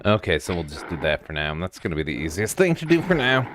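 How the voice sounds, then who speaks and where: A man's voice: low-pitched, big pitch swings, fast, hardly any pauses, a bit bright, slight background noise. A man chatting offhandedly on a live stream, teasing his viewers. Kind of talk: casual live-stream chat.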